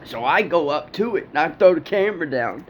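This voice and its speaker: Expressive and fairly quick, a man with a fairly high pitch relates a personal encounter in a profane, rambling way, laughing often. The sound is dull and lo-fi, with a little background noise.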